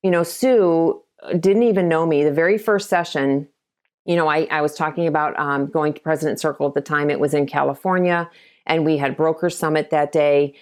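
A woman's voice: low voice, steady tone, moderate pace, darkish tone. A middle-aged woman from Ohio, a realtor and broker, telling stories in a casual interview and acting out the quotes. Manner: chatty storytelling, acts out quotes. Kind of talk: conversational interview.

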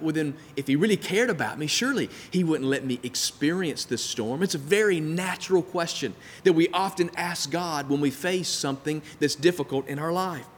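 A man preaching a sermon with dramatic delivery, acting out the voices of doubters and of God. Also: a little high. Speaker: pastor. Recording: long hall reverb.

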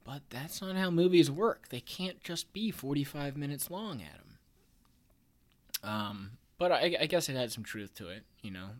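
A man's voice: a little high, animated, moderate pace. Podcast host, man in his 30s, rambling and wry, plenty of ums and false starts. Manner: rambling, filler-heavy, self-interrupting; wry, chuckles at his own jokes. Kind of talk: casual podcast chat.

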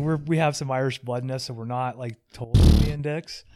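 A man with a slightly higher voice hosts a relaxed podcast chat. He rambles and jokes, often at his own expense, and keeps a loose, friendly flow. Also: a little fast. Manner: joking, rambling, self-deprecating. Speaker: podcast host.

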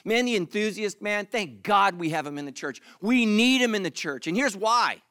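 A man preaching a sermon as pastor, animated and joking, acting out the congregation in mock voices. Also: high voice, moderate pace, clear, resonant tone, dry recording, clean studio sound.

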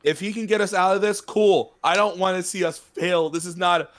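Man chiming in, higher voice. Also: fairly even intonation, moderate pace, a bit bright. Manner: chiming in with short agreements and interjections. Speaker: podcast co-host. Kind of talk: casual chat.

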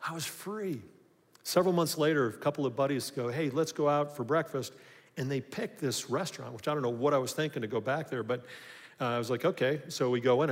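A pastor giving a sermon, telling a personal story and building to emphatic points. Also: male voice, mid-range voice. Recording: long hall reverb.

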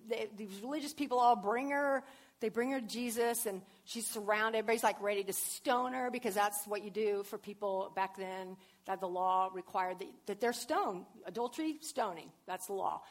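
A woman giving a sermon, telling a Bible story in an animated way that swings between hushed, tender passages and loud, excited ones. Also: medium pitch, normal speed. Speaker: preacher.

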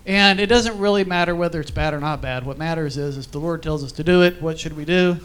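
A man's voice: fairly high pitch, quick pace, a bit bright, clear, resonant tone. Conversational man teaching a church group. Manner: storytelling, conversational with fillers and asides. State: briefly emotional, choked up.

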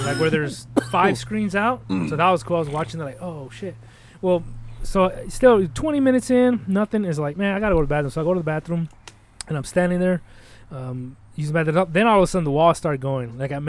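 Fast-talking young man telling a story. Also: on the high side. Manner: rambling, profane, animated, acts out quotes. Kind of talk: casual storytelling chat.

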